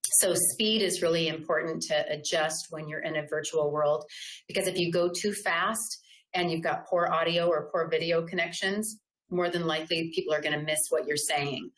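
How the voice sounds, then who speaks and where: A woman's voice: deep voice, fairly even intonation, normal speed, fairly bright tone, rough recording. A middle-aged woman giving an online communication training, talking informally and often checking in with "right?".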